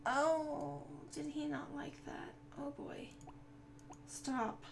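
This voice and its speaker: A woman's voice: sits high, fairly even intonation, very slow, vocal fry, background noise. A woman giving casual gameplay commentary, chatting to her viewers and scolding the game characters. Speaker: gaming video creator.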